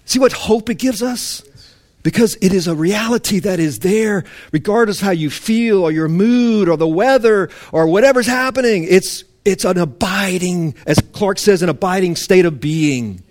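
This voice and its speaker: A man preaching a sermon to a congregation with impassioned emphasis that drops to hushed intensity. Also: high-pitched, moderate pace. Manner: mock-indignant voice for a legalist's complaint.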